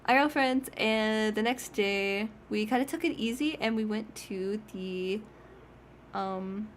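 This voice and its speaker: A woman's voice: mid-range voice, measured pace, a little hiss or hum. A young woman streaming, chatting casually and rambling with frequent laughs. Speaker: VTuber streamer.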